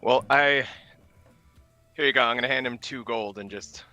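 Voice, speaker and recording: A man's voice: mid-range voice, normal speed, pushed and bright, soft background music. A man playing a tabletop game, joking and playful. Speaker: player. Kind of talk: casual chat at a tabletop game.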